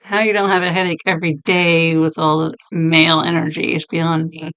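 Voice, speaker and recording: Woman with a deep, hoarse sick voice. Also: little pitch movement, moderate pace, a bit bright. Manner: chatty, laughing, talks to chat by name. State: losing her voice, deep sick voice. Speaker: streamer. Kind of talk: casual chat reading stream chat.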